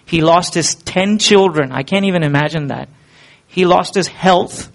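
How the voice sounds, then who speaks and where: A man's voice: high-pitched, measured pace, gravelly. A man preaching a sermon in an earnest, conversational way, asking the listeners rhetorical questions.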